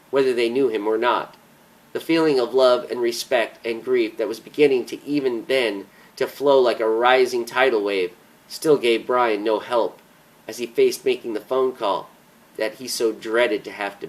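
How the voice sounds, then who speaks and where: A man's voice: mid-range voice, rough recording. Man narrating a somber audiobook.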